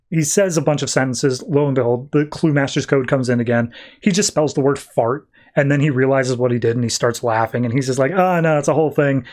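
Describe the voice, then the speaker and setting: A man's voice: fairly high pitch, a little mellow. A man hosting a podcast, casually recapping a comic book plot in a loose, conversational way. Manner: loose, conversational retelling with frequent "uh" and "he's like". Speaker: podcast host.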